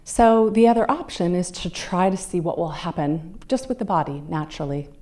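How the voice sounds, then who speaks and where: Low-voiced woman telling her own story. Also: normal speed, mellow. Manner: conversational, acts out quoted voices. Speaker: guest speaker. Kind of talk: personal storytelling talk. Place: club meeting room.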